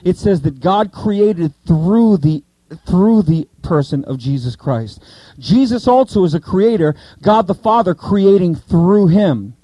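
A man teaching a Bible study to a group, asking the listeners questions and repeating key points slowly. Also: sits high, expressive, warm tone, no echo, dull audio.

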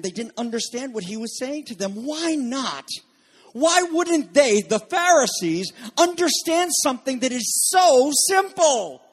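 High-voiced emphatic male preacher. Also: breathy edge. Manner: emphatic, swings between loud proclaiming and soft asides. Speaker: pastor. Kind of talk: sermon.

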